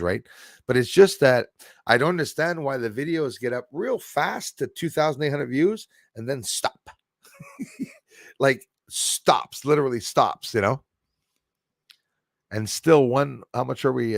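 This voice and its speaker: A man's voice: medium pitch, gravelly, no echo, studio quality. A man hosting a casual livestream, chatting loosely and reading out viewer comments with frequent laughs and fillers. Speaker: livestream host.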